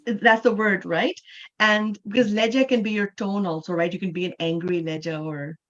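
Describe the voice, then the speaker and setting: A woman's voice: medium pitch, steady tone, normal speed. Female English teacher from Canada, mid-range voice, explanatory and checks in with "right?"; muffled online-class sound.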